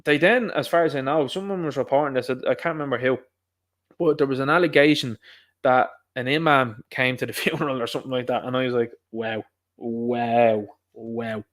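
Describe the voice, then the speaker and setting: A young Irish man hosting a solo podcast, talking in a rambling, emphatic way with quick asides. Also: medium pitch, fairly bright tone. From Ireland. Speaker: podcast host. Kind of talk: solo commentary monologue.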